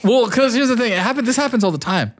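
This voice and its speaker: A man's voice: very high-pitched, animated, quick pace. A man in casual conversation who rambles and gets worked up, often restarting his sentences. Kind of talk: casual chat.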